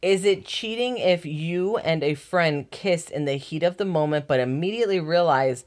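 A young woman co-hosting a casual podcast chat, talking fast and loosely and laughing often. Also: sits low. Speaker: podcast co-host.

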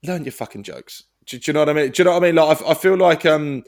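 A man's voice: fairly high pitch, rapid-fire. A man in casual podcast chat, rambling, swearing and laughing as he talks about films and stand-up. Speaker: podcast co-host and stand-up comic.

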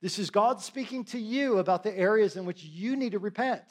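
High-voiced joking preacher man. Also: brisk. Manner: joking asides, checks in with the crowd. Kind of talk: conversational sermon.

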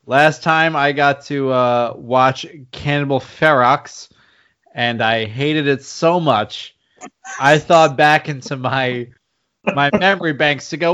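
A man's voice: medium pitch, a bit bright, smooth, lo-fi sound. Joking podcast host, a man. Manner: jokey, laughing, quick asides. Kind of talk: casual podcast chat.

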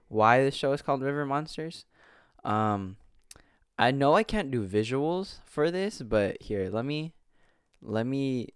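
Rambling, excitable young man, smooth voice. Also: on the low side, dry recording, clean studio sound. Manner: rambling, swears a lot, excitable outbursts. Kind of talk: casual chat. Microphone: close desk mic.

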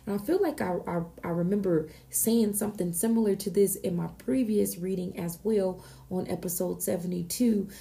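A woman's voice: mid-range voice, fairly even intonation, normal speed, vocal fry, dark tone. A woman hosting a podcast, giving a channeled oracle card reading in a casual, earnest, exclamatory way with frequent restarts.

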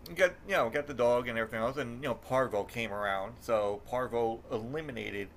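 A middle-aged man hosting a podcast, telling an animated story in casual chat, swearing and acting out quotes in a raised voice. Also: medium pitch, fairly quick. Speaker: podcast host.

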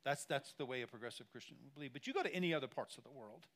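A man's voice: medium pitch, animated, rapid-fire, a bit bright. A man preaching a sermon as pastor, talking conversationally and emphatically, repeating phrases and speaking straight to the congregation.

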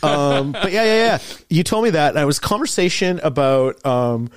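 A man's voice: a little high, moderate pace. A man, a comedian, joking and telling stories as a guest in a casual podcast chat. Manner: animated and joking, breaks into loud voices.

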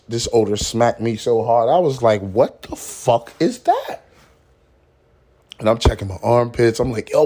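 A man with a warm voice on the low side runs a laid-back motivational podcast, talking slangily, dropping "man" often, swearing without restraint and laughing at his own anecdotes.

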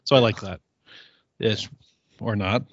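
Here a man hosts a relaxed podcast chat in which he rambles, corrects himself and frequently laughs. His voice sits on the low side and keeps a measured pace, and the dry recording sounds slightly muffled.

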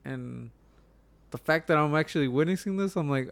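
A man's voice: fairly high pitch, moderate pace, creaky, long pauses, no echo. A young man from Chicago telling a rambling, profane story in casual chat, full of restarts. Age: young adult.

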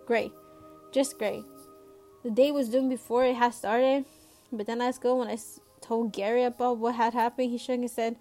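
A woman casually reading a novel aloud in first person, chatty and relaxed with asides. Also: a little high, normal speed, faint music behind. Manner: chatty, laughs and adds asides. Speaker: reader of a novel.

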